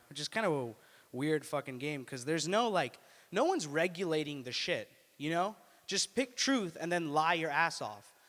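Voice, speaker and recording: A man's voice: medium pitch, a bit bright. Young man doing stand-up in a reverberant room. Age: 20s. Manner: offhand, profane, lots of filler words. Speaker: stand-up comedian at an open mic. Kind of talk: stand-up comedy. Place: small indoor student venue. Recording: live room with long reverb.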